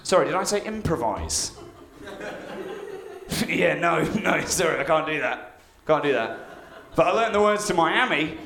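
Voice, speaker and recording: Guy doing deadpan standup, echoey theatre, music playing under him. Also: on the high side, a little slow, creaky. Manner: deadpan, self-mocking, playful voices. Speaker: stand-up comedian. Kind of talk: live stand-up with a rap bit. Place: theatre stage with a live audience. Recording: echoey live venue with backing music.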